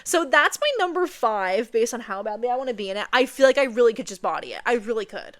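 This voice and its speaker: A woman's voice: on the high side, animated, quick pace, fairly bright tone. A young woman chatting playfully while seated, often checking in with "okay?". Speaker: vlogger. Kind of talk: casual chat.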